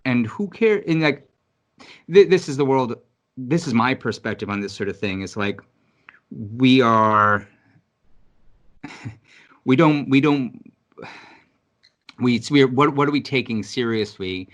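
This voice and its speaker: Speaking slowly with long pauses, a podcast co-host from New York City talks bluntly and emphatically in casual chat, full of swearing and restarts. His voice is mid-range.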